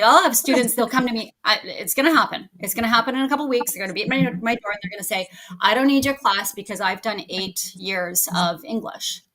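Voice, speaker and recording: A middle-aged woman, an English language teacher, chatting as a guest on a podcast and telling lively stories about her classroom. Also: fairly high pitch. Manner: lively storyteller who acts out her students. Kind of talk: podcast interview conversation.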